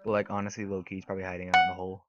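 A young man giving casual, excitable gameplay commentary, trash-talking opponents and swearing often. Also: low voice, racing, dull audio. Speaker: gaming YouTuber. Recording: noisy recording with mouse and keyboard clicks.

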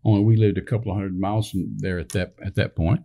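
A man's voice: low-pitched, steady tone, quick pace, mellow. An older man from Texas, a minister telling a rambling personal story in casual conversation, with many fillers and restarts, acting out the dialogue he quotes.

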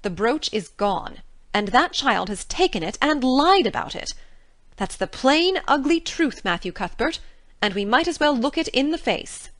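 A woman's voice: high voice, very animated, measured pace, a bit bright, heavily acted. A woman playing a stern, blunt middle-aged spinster in an audiobook drama, speaking in firm, clipped scolding tones. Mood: indignant.

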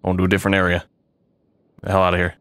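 A young man commenting on his own playthrough of a game, reacting excitably and swearing freely, with sudden yelps. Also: low-pitched, rapid-fire, smooth, dry recording. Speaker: gamer playing a modded game. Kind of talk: let's play commentary.

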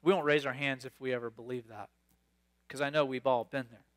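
A man preaching a sermon, reading scripture aloud and riffing on it with animated, excitable asides. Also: medium pitch, brisk. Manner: animated, reads scripture then riffs with sudden bursts of excitement. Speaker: pastor.

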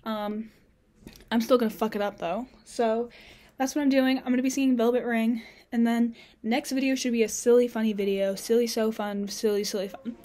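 A breathless young woman talks casually to the camera from her dorm room, her pitch sitting a little high. She rambles and fills the gaps with lots of "like" and "um". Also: steady tone, moderate pace, warm tone. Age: young adult. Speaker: college student vlogger. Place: dorm room on a college campus.

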